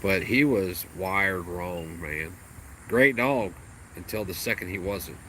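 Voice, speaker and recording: A man's voice: sits low, steady tone, a little slow, a bit bright, a little hiss or hum, low-quality recording. A man chatting casually on a livestream at home, rambling and joking crudely about his dogs. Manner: rambling, crude and joking, baby talk to the dog. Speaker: livestream host.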